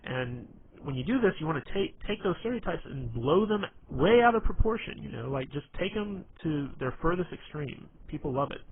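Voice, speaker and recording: A man's voice: a little high, lively intonation, moderate pace, hardly any pauses, slightly rough. A man giving a casual spoken presentation on humor, rambling with lots of fillers and restarts. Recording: tinny phone-like lo-fi sound.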